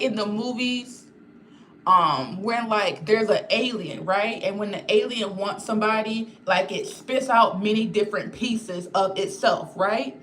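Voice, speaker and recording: A woman's voice: mid-range voice, a bit bright, slight background noise. A young woman hosting a casual live stream, talking straight to her viewers in a candid, rambling way and swearing freely. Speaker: channel host reading live chat.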